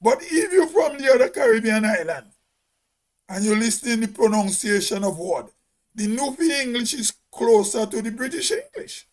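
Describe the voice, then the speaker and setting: A man's voice: very high voice, very animated, normal speed. A man with a Grenadian accent, hosting a casual monologue and speaking emphatically, repeating words for stress. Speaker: host.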